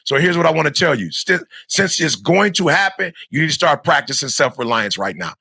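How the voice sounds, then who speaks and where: Gravelly, bright-voiced preacher man. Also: a little high, big pitch swings, a little fast, dry recording. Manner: emphatic and repetitive, preacher-like. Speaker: motivational speaker. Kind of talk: motivational talk to young students.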